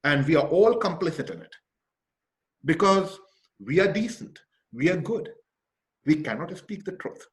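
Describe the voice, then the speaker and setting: Male lecturer, fairly high voice, emphatic, rhetorical questions, frequent "okay?" check-ins. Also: expressive, unhurried, pauses often. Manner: emphatic, with some hesitant restarts. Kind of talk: literature lecture.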